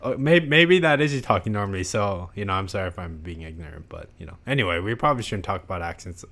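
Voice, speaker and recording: Deep-voiced young man, joking podcast co-host. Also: animated, fast, fairly bright tone. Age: young adult. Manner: joking, laid-back. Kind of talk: casual chat.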